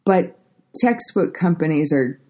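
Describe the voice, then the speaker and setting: A woman's voice: sits low, animated, unhurried, warm tone. A woman hosting a solo education podcast, chatty and self-deprecating, with many fillers and restarts. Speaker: podcast host.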